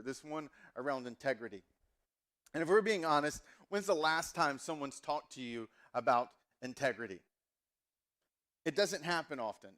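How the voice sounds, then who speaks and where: A man's voice: a little high, a bit bright. Chatty man in his forties preaching. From Southern US. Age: 40s. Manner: casual, chatty, self-mocking with many fillers. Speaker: pastor. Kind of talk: sermon.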